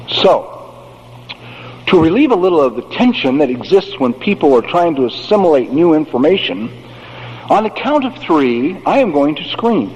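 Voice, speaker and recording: An older man giving a recovery talk to an audience, with a blunt, profane and animated way of telling stories. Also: sits high, moderate pace, dull audio. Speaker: recovery speaker. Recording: faint noise, long hall reverb.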